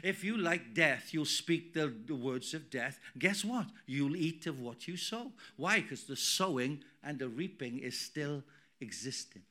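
Male pastor, middle-aged, high voice, very bright tone, emphatic sermon delivery. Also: expressive, unhurried. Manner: emphatic, swinging from loud declarations to quiet asides. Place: church.

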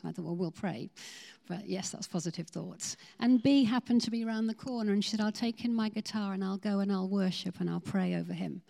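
A woman's voice: on the low side, fairly even intonation, moderate pace, vocal fry, dark tone. A woman telling testimony stories in a sermon, acting out the voices of the people she quotes. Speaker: ministry team leader.

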